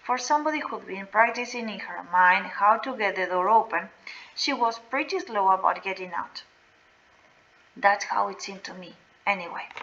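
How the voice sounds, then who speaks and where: A woman reading a novel aloud in a slow, deliberate way. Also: medium pitch, expressive, pushed and bright, dull audio, a little hiss or hum. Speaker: reader.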